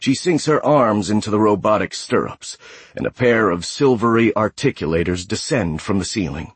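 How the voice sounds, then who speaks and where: A man narrating a sci-fi audiobook in a steady, measured way. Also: on the low side, breathy edge, no room sound. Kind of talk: scripted narration.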